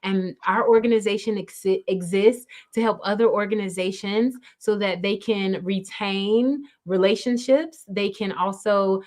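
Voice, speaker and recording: A woman's voice: medium pitch, fairly even intonation, unhurried, few pauses. A woman guest, a grief coach, talking in an interview over a video call, emphatic and instructive, often checking in with the listener. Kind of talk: conversational interview.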